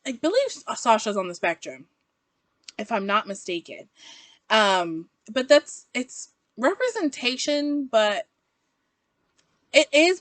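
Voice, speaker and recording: A woman's voice: on the high side, fairly bright tone, no room sound. A young woman from the South, chatting casually and rambling as she reviews books, often laughing at herself. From American South. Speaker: book reviewer. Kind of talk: casual book-review vlog.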